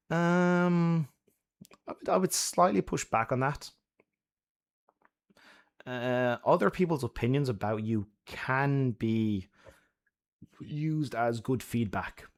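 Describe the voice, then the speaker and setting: A man's voice: medium pitch, slow pace, long pauses. A man giving friendly advice to his chat on a casual live stream, laughing often and swearing freely.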